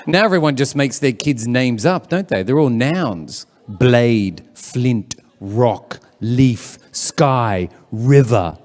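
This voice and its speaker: A man's voice: medium pitch, animated, slow pace, hardly any pauses, a little mellow, in a large hall. A man hosting an event as a comedian, chatty and teasing the crowd live. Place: live event room with audience.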